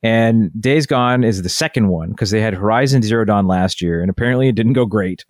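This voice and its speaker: A man's voice: on the low side, a little fast, no echo, studio quality. A man co-hosting a casual chat, explaining at length in a rambling, chatty way. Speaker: podcast co-host.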